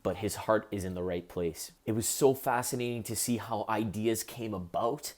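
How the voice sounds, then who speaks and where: A musician talking to camera in an earnest, heartfelt way about something that moved him. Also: male voice, on the low side, moderate pace. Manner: earnest, heartfelt, gets choked up. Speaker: musician reviewing a documentary. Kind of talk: casual talk to camera.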